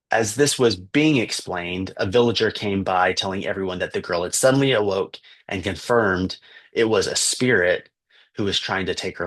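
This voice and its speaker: Man, low voice, husky, earnest storytelling, some fillers. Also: a bit bright. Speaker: missionary teacher. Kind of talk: spoken fundraising story.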